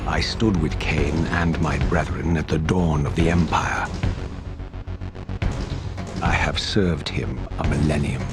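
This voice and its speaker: Deep slow brooding vampire guy telling his tale, loud music under it. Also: full character voice. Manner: grave, measured storytelling. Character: brooding undead male vampire narrator. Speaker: game narrator. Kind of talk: solemn video game narration.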